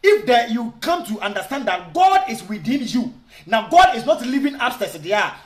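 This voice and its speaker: A man's voice: very high-pitched, big pitch swings, normal speed, echoey room. A Ghanaian man giving argumentative video commentary, switching between Twi and English and firing off rhetorical questions. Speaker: online commentator.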